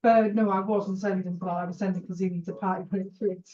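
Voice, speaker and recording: A woman's voice: medium pitch, fairly even intonation, fast, mellow. A woman in casual chat, blunt and speaking in short retorts. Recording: distant, echoey, dull lo-fi.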